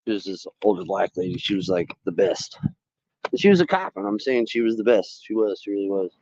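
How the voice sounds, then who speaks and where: A man hosting a fishing livestream tells stories in a casual, rambling way, swearing freely and using high voices when quoting people. He sounds animated, brisk and warm, on a dry recording with the highs cut off.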